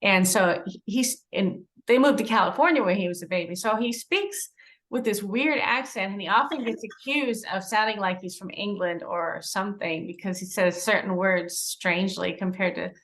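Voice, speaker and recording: A woman conducts an interview at an easy, friendly pace. She laughs often between her questions and speaks in an even, middle-range voice. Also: mid-range voice. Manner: friendly, giggly, unhurried.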